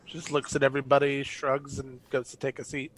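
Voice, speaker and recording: A man's voice: medium pitch, completely flat delivery, fairly quick. A man playing a tabletop game who describes his actions briefly and in a laid-back way. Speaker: player.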